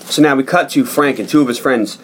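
A man's voice: medium pitch, fairly quick, a little hiss or hum. A man hosting a podcast, retelling a movie in casual chat and acting out the quotes. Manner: animated storyteller, acts out quotes. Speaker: podcast host.

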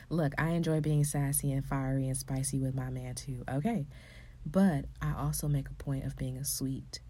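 A low-pitched woman speaks to other women like a coach giving a faith-filled pep talk. Her voice is mellow and a little husky, often dropping to a hushed, breathy tone. Then it climbs into loud, emphatic exclamations.

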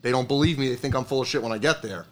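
A man's voice: mid-range voice, rapid-fire. A man in casual conversation about rescue training, blunt and emphatic, swearing in passing.

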